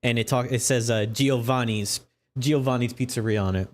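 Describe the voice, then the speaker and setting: A man's voice: medium pitch, fairly even intonation, normal speed. A man narrating a tabletop game as dungeon master, chatty and laughing often.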